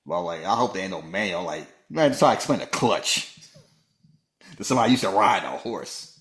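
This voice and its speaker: A man co-hosting a casual movie-review podcast, joking and animated, often slipping into mock voices. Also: a little fast, roomy sound. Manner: animated, jokey, slips into high-pitched mock voices. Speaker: podcast co-host.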